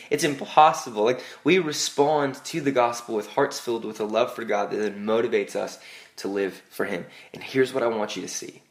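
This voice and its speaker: Preaching to a church congregation, this young male pastor speaks in a mid-range voice and a conversational style. Self-deprecating stories fill his sermon, along with frequent "like"s and quick restarts.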